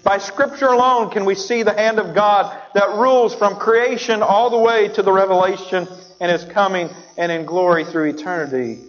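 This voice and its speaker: A man gives a sermon as pastor, telling a story and voicing its characters along the way. His voice sits high, and the sound is dull, with a long reverb from the church hall. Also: steady tone, normal speed. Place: church sanctuary.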